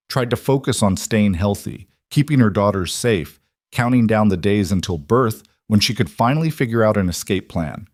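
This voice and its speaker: A man reading a dramatic story as scripted narration, in a measured storytelling manner. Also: on the low side, darkish tone, dry recording, studio quality.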